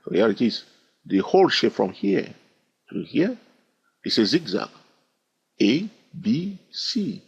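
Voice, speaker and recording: In a muffled recording, a trading instructor with a mid-range, creaky and slightly rough voice gives a chart lesson. He counts the waves aloud in sing-song fashion and repeatedly checks in with "all right?".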